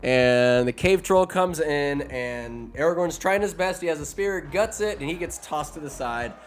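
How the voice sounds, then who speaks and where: A man's voice: a little high, lively intonation, a little slow. Crude, sarcastic man recapping a movie. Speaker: podcast host.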